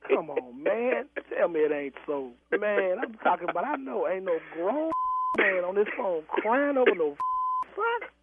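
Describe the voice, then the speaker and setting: A man on the phone reacting, animated and exasperated, after being pranked by a radio show. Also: sits high, unhurried. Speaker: prank call target. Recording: phone line.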